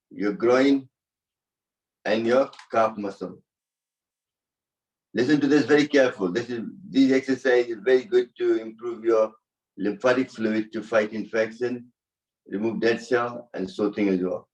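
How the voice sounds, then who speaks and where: A man's voice: mid-range voice, a little mellow, distant mic, poor audio. Man guiding a yoga class. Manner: gives short spoken cues, non-native English phrasing. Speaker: yoga instructor.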